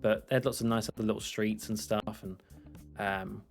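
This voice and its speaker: A man's voice: on the low side, steady tone, moderate pace, creaky, faint music behind. A young English man streaming while he plays, chatting casually in a rambling, self-mocking way with frequent laughs. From England. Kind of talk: casual chat while gaming.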